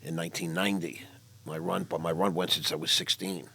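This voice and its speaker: A man's voice: deep voice, fairly even intonation, brisk, gravelly, pushed and bright, breathy edge. An older man hosting a casual interview, talking bluntly and candidly about his own past. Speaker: podcast host.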